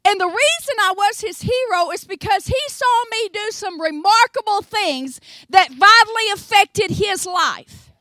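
An older woman with a Tennessee accent, preaching a sermon in an animated storytelling way, acting out voices and swinging between soft asides and loud exclamations. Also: very high voice, measured pace, dry recording. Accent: Southern US, Tennessee.

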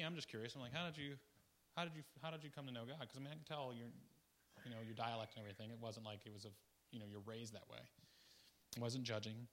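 This man's guest sermon is informal and meandering, full of asides and restarted sentences, and he alternates between loud, excited bursts and hushed, low remarks.

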